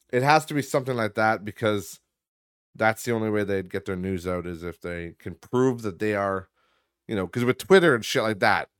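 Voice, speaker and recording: A man's voice: on the low side, clean tone, no echo. Profane, ranting man on a dry mic. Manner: blunt, profane and heated, with many fillers. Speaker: podcast host. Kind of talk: casual ranting podcast monologue.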